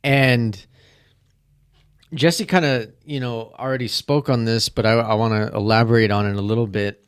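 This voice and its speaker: A young man co-hosting a podcast, giving an emphatic, deliberate film critique in casual chat. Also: mid-range voice, fairly even intonation, clear, resonant tone, dry recording, clean studio sound. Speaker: podcast co-host.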